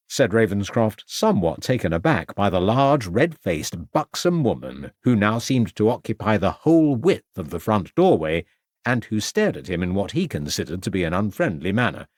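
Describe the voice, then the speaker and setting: A man with a lowish voice narrates a crime audiobook from a script, telling the story in a measured, expressive way. The recording is dry and of studio quality.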